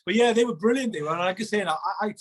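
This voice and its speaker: Welsh male guest, quick, high-voiced storyteller, acts out voices, casual remote chat. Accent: Welsh, Merthyr Tydfil. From Wales. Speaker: interview guest. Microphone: remote call.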